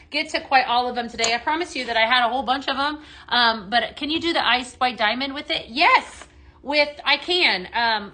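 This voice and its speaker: A woman's voice: fairly high pitch, pushed and bright. A woman hosting a live home-decor sales show, chatting in a bubbly way and talking straight to her viewers as she demonstrates products. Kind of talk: live product demo chat.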